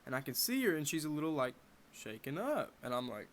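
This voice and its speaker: A young man in his bedroom telling a personal story to camera in a casual, animated way with wry asides. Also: fairly high pitch, brisk. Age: young adult. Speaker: vlogger.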